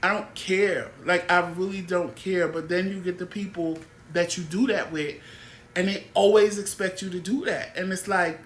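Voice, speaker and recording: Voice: medium pitch, fairly even intonation, normal speed, a bit bright, reverberant, a little hiss or hum. Blunt, exasperated talk show host. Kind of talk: casual talk show chat.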